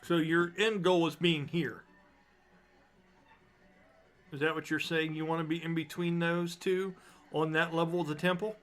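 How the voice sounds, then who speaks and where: A man running a tabletop game as game master, narrating scenes slowly and deliberately. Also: on the high side, flat delivery, a bit bright, faint music behind.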